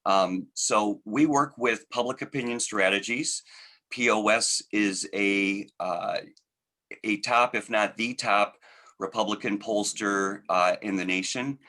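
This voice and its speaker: Bright-toned man hosting a webinar. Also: fairly low pitch. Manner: measured, with hesitant fillers. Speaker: host introducing a webinar. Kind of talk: formal introduction. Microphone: video call.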